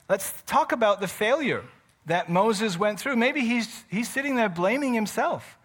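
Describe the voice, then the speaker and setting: Male pastor, conversational sermon storyteller, bright sharp tone. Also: sits high, a little slow. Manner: animated, conversational storytelling with playful asides.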